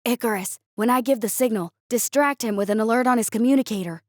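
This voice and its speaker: A woman reads a determined young male student who talks low and steady, through gritted teeth. The reading is slightly high and dry, close to the mic. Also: fast talker, dry recording, close to an everyday voice.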